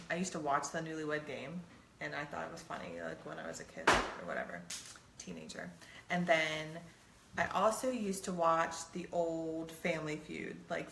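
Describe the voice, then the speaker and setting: A woman's voice: low-pitched, gravelly, roomy sound, background noise. A middle-aged woman co-hosting a show, chatting casually and teasingly with her husband, laughing often. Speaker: podcast co-host. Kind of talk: casual chat with spouse.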